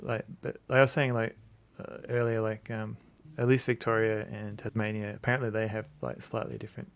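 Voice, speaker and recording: A man's voice: lowish voice, level tone, brisk. A man with an Australian accent chatting casually while streaming a game, rambling and self-deprecating.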